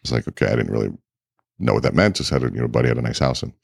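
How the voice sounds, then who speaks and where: A man guest in a casual interview, telling lively anecdotes full of quoted dialogue. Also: very deep voice, rapid-fire, creaky, slightly rough, no room sound, studio quality. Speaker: keynote speaker and guest.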